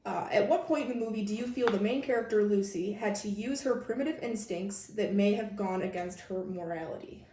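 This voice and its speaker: A woman asks prepared questions in a loose, hesitant way, often pausing on fillers. Her voice is mellow, and it sounds a little distant from the mic in an echoey room. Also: mid-range voice, slight background noise. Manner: casual, hesitant, with frequent "like" and "um". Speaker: interviewer. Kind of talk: reading prepared questions in a casual interview.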